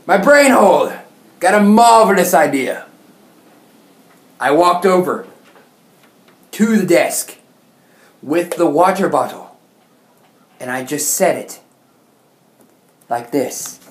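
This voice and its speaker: A woman YouTuber telling a comic story in an animated, exaggerated, mock-outraged way. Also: rumbling low, slight background noise. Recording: roomy echo.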